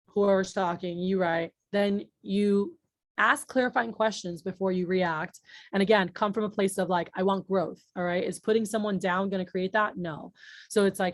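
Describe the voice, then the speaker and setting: A woman's voice: mid-range voice, moderate pace, dry recording, clean studio sound. A woman giving a casual training talk on leadership, chatty and blunt, swearing freely and checking in with her listeners often. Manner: frequent filler words and rhetorical checks.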